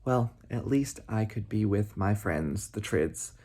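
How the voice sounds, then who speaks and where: A man voicing a lonely, desperate old rabbi who pleads in a soft, forlorn voice in a campfire story. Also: on the high side, very animated, extremely slow, slightly rough, full character voice.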